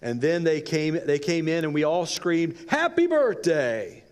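A man's voice: on the high side, little pitch movement, normal speed, darkish tone, clear, resonant tone. A male pastor telling a story during a sermon, dramatic and varying his pace for effect. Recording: long reverb in a large hall.

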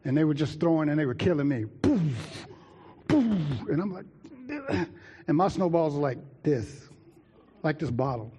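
A man preaching, telling a childhood story with lively asides to the congregation. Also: a little high, measured pace, a little hiss or hum. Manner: lively, talks to the congregation directly. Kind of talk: sermon storytelling.

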